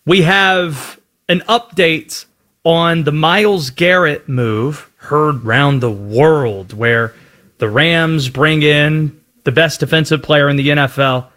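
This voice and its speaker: A man's voice: fairly high pitch, slow, a bit bright. A man hosting a sports talk show, setting up stories and clips in a conversational way. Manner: conversational, tosses segments to the co-host.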